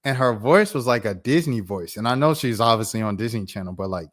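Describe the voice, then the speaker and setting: A man around thirty telling a personal story on his vlog in a casual, slangy, animated way. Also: fairly low pitch, brisk. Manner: animated, slangy, acts out voices. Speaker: YouTuber.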